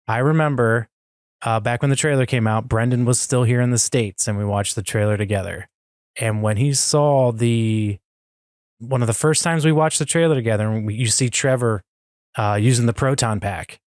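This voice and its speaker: A man co-hosting a podcast, chatting casually and excitedly as a fan, with frequent laughs and fillers. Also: medium pitch, normal speed, no echo, studio quality. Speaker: podcast co-host.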